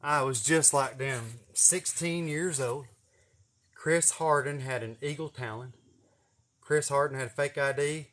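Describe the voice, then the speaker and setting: A man in his forties with an East Tennessee drawl tells a rambling, folksy story, cussing casually as he goes. His voice is bright and forward, at an ordinary pitch. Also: measured pace. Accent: Southern US, East Tennessee. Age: 40s. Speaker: vlogger.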